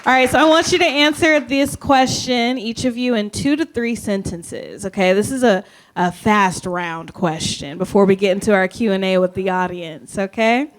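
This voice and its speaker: A woman's voice: mid-range voice, normal speed. A woman moderating a panel at a live event, upbeat as she puts questions to the panelists. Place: live event room with audience.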